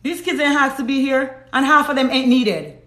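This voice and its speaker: A woman's voice: high-pitched, normal speed, a bit bright. A Jamaican woman hosting a live stream, preaching bluntly and reading out viewer comments. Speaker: host. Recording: roomy echo.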